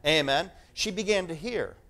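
High-voiced preacher man, really lively swings up and down, punchy repeats. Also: normal speed. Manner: animated, emphatic, repeating phrases. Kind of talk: sermon.

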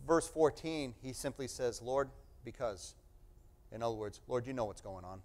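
Reading from scripture and unpacking its meaning, a middle-aged man delivers a sermon in a medium-pitched, animated voice at a normal speed. His delivery swings between loud proclamation and near-whispers.

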